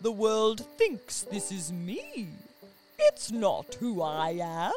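A weary old owl speaks slowly in a children's story, as a woman puts it on. The voice dips and rises widely. Music plays clearly underneath. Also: mid-range voice, huge pitch swings, voice pushed down. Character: tired wise old owl.

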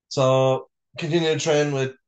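A man co-hosting a podcast from a bedroom, talking in a sweary, self-mocking, halting way full of fillers. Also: on the high side, echoey room. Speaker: podcast co-host. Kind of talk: casual chat.

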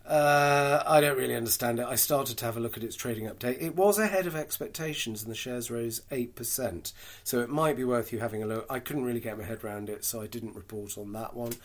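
A British man talking through a long list of companies in a casual solo podcast. He is frank and chatty, drops dry asides, and pauses on fillers. His voice sits at a middling pitch. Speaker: podcast host. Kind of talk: casual solo market commentary.

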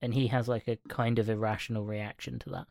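A man co-hosting a casual film chat podcast, relaxed and hedging, often laughing along with the others. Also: on the low side, quick pace, creaky, no echo, studio quality. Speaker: podcast co-host.

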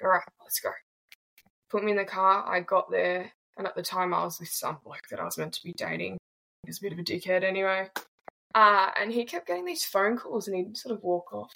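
A guest in her twenties with an Australian accent recounts her story candidly, bluntly and casually, with plenty of swearing. Her mid-range voice is gravelly and fairly bright with a breathy edge, heard through poor audio.

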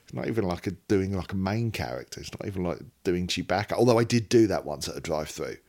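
Rambling man, low lively voice. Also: fast talker. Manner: rambling, self-interrupting, jokey. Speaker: podcast co-host. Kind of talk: casual chat.

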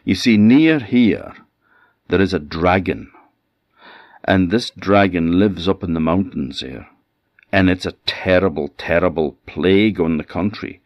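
A man doing a surly, gruff coach driver. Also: low-pitched, lively intonation, unhurried, dry recording, lo-fi sound. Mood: grim. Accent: Scottish, Orkney. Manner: curt, dismissive.

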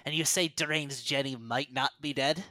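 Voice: mid-range voice, normal speed, a crowd in the background, close to an everyday voice. A game master voicing a scheming old hag who pretends to be a helpless, frightened old woman, with a pleading, quavering voice.

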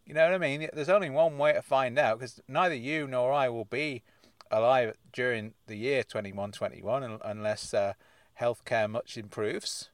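A man's voice: medium pitch, normal speed, no room sound, clean studio sound. A man hosting a casual comedy podcast, rambling and hesitant with many restarts. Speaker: podcast host.

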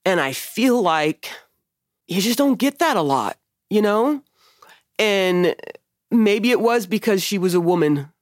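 A woman's voice: mid-range voice, expressive, a little slow, long pauses, dry recording, clean studio sound. A woman hosting a podcast, telling a personal story in casual conversation, candid and emotional, swearing often. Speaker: podcast host.

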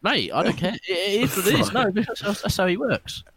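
A man's voice: fairly quick, crowd noise. A young man telling a rambling, laughing pub-style story among friends. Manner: rambling, laughing, slangy, lively swings in pitch. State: drinking. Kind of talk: casual chat, storytelling.

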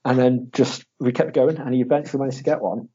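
Young man, casual podcast chat, animated storyteller, mellow husky voice. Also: mid-range voice, fast. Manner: animated storytelling, acts out quotes in a raised voice, swears, laughs often. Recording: dull lo-fi audio.

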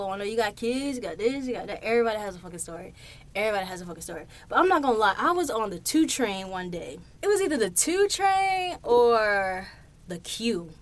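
Woman, young adult, podcast host, casual studio monologue, chatty and profane. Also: on the high side. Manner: chatty, swears freely, animated storytelling. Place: recording studio.

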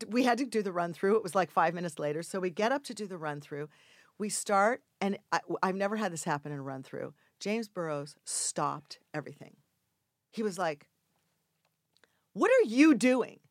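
An older woman telling a casual anecdote in an interview, acting out the quoted voices with sudden loud, high outbursts. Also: creaky, dry recording, clean studio sound. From Mexico. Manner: animated storyteller acting out quoted lines with big jumps in pitch and volume. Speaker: actress guest telling a story.

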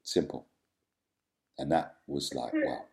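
A man with a deep, dark and mellow voice talks candidly about his past as an interview guest. He is reflective and halting, and often trails into ums and restarts. His delivery is unpolished and personal. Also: creaky. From London, England.

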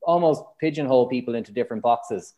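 This Irish man speaks at a medium pitch and a brisk pace, though the audio sounds dull. He's a matchmaker appearing as a podcast guest, sharing frank stories in a candid interview and animatedly performing his clients' lines.

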